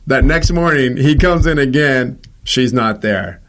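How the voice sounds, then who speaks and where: A host speaks a little slowly, with a fairly bright, medium-pitched voice and lively intonation. Relating a personal story conversationally, he acts out each person's dialogue and often restarts.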